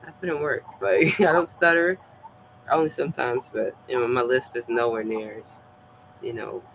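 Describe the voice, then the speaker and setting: A man's voice: medium pitch, steady tone, normal speed, gravelly, a bit bright, a little hiss or hum, low-quality recording. A man streaming, chatting in a loose, rambling way with many fillers and bursts of laughter. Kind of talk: casual rambling chat.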